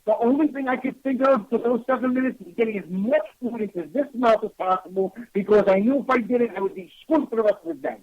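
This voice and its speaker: Man, New York accent, radio host, blunt casual storyteller, high-pitched, muffled lo-fi sound. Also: fast, hardly any pauses. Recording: slightly muffled lo-fi radio audio.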